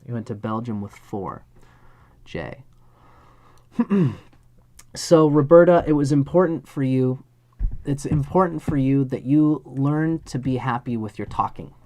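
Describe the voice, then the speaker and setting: A man's voice: medium pitch, unhurried, pauses often, mellow. A man giving a live astrology chart reading, speaking earnestly and directly to the person he reads for. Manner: earnest, speaks straight to the listener, acts out little scenes.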